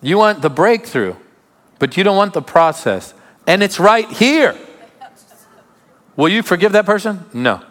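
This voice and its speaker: A man's voice: high voice, expressive, measured pace, pauses often. Preaching man in a reverberant hall. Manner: emphatic preaching with sudden drops to quiet asides. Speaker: pastor. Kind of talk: sermon.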